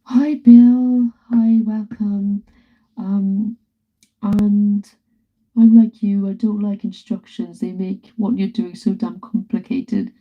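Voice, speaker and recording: The audio is dull as a thirties-aged woman artist live-streams from her home studio, chatting casually, laughing often, and greeting viewers while she works. She takes it slowly, speaking at a medium pitch with fairly even intonation.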